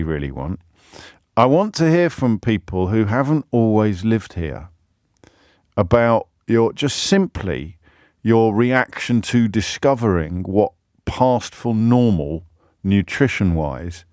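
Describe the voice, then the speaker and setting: Chatty British radio host, low and dry. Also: male voice, dry recording. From Britain. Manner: chatty, self-mocking asides, repeats words. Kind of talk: talk radio monologue. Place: radio studio. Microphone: studio microphone.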